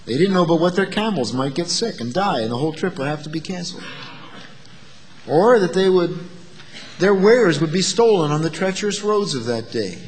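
High-voiced preacher with rhetorical questions. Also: male voice, animated, normal speed, in a large hall, slight background noise. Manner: rhetorical questions, swings from loud emphatic to quiet. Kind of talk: sermon.

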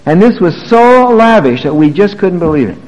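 An older man preaching a sermon as pastor, swinging between quiet asides and raised emphatic lines. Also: sits high, sing-song, normal speed. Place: church sanctuary. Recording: muffled sound with long hall reverb.

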